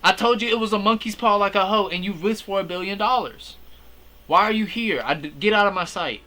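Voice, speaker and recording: A man voicing a furious young man who yells at his friend in exasperation. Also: sits high, a little fast, voice pushed up. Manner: yelling, exasperated.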